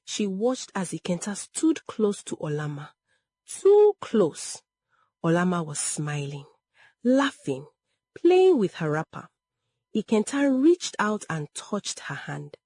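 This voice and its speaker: Slow, husky woman storyteller. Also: lowish voice, no echo. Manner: measured, expressive reading. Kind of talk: storybook narration.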